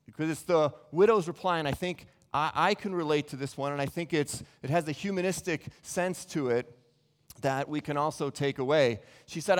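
Male preacher, earnest teaching tone with frequent restarts, slightly high voice, reverberant room. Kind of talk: Bible teaching sermon.

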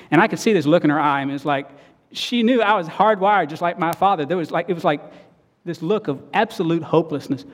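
A middle-aged married man preaching a sermon, telling stories earnestly and swinging between loud and soft. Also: a little high, fairly quick, long reverb tail. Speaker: pastor.

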